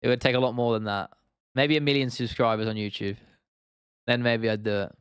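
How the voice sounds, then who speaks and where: A man's voice: medium pitch, fairly even intonation, fairly quick, clean tone, no echo, studio quality. A man hosting an MMA livestream, chatting casually and answering viewer comments in a rambling, sweary way. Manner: rambling, swears freely, lots of restarts and fillers.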